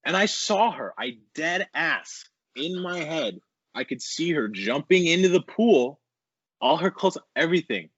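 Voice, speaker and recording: A young man talking as a podcast guest, telling a rambling, animated story full of swearing and filler words. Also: fairly high pitch, measured pace, husky, no room sound. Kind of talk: casual storytelling interview. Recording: dull, dry lo-fi recording.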